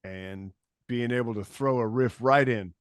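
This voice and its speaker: A man's voice: mid-range voice, unhurried, no room sound, studio quality. A man, a podcast guest and touring musician, telling stories in laid-back casual chat with frequent restarts and swearing.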